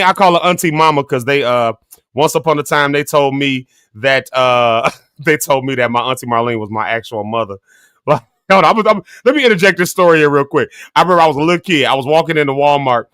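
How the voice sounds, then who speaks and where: A man in his thirties hosts a morning talk show and tells family stories with a bright, forceful voice. He laughs often as he talks, and his voice sounds close and dry. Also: medium pitch, clean tone, dry recording. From Illinois, United States. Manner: animated, laughs often while telling stories. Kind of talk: casual storytelling chat.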